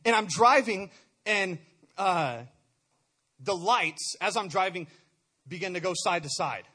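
A man's voice: high voice, animated, unhurried, sharp tone, husky. A young man giving an earnest personal testimony, often stumbling over repeated words. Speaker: speaker sharing a testimony.

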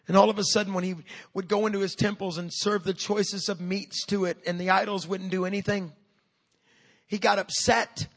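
A pastor in his fifties preaches a sermon with energy and humor, building to loud calls to his church, in a fairly high-pitched voice.

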